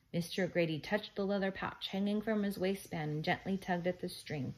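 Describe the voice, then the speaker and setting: Lady reading a kids book out loud, lowish voice, lively storytelling. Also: brisk, low-quality recording. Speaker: reader. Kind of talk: children's book read-aloud.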